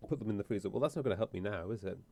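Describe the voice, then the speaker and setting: A man's voice: on the low side, rapid-fire, darkish tone. A man streaming a game, chatting casually in a rambling, profane, self-interrupting way. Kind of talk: casual let's-play chat.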